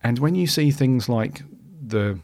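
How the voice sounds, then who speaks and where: A man's voice: medium pitch, animated, unhurried, a little mellow. A man hosting a podcast, talking casually and rambling with many restarts and fillers. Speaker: podcast host.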